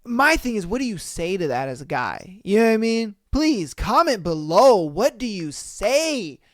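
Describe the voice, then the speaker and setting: A man hosting a podcast, reacting to stories in casual, slangy talk and breaking into loud exclamations. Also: sits high, sing-song, moderate pace, no room sound, clean studio sound. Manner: exclaiming, slangy, calls listeners bro. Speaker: podcast host.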